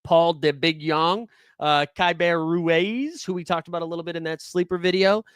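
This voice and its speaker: A man's voice: a little high, fairly even intonation, normal speed, a bit bright, smooth, no room sound, clean studio sound. A young man hosting a live fantasy sports stream, talking casually and jokily with lots of filler words. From New England.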